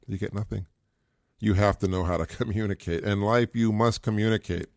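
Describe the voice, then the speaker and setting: A man's voice: fairly low pitch, fairly even intonation, a little fast, no echo, clean studio sound. A middle-aged man hosting a podcast, giving casual parenting advice in an earnest, repetitive way and chuckling at his own points. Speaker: podcast host.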